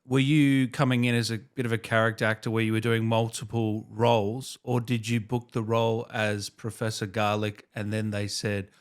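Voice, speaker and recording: A man's voice: on the low side, flat delivery, normal speed, few pauses, clear, resonant tone. A man hosting an interview, asking eager, curious questions. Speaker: podcast host. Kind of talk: casual interview.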